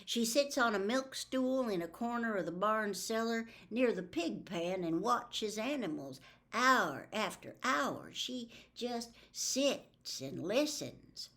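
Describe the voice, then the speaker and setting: A woman's voice: a little high, expressive, slow pace, a bit bright, voice pushed up, full character voice. A woman reading a fretful farm mother. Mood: anxious. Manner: anxious, fretful. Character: worried middle-aged farm mother.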